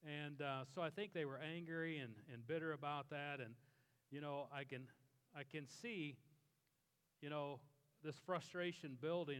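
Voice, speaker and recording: A middle-aged man preaching a sermon as a pastor, telling stories in an earnest way and slowing down for emphasis. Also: on the high side, steady tone, fairly bright tone, smooth, in a large hall. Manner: earnest storytelling, slows for emphasis.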